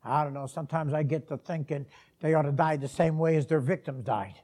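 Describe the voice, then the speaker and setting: In a fairly high voice, a man delivers a sermon marked by slow, deliberate pauses, moving between hushed whispers and shouted climaxes.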